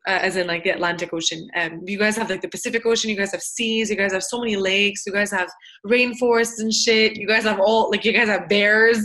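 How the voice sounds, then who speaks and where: A woman's voice: mid-range voice, fairly even intonation, fairly quick, fairly bright tone. A woman from Montreal, a yoga teacher talking as a podcast guest in a chatty, rambling way and laughing often. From Montreal, Canada. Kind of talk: casual interview chat.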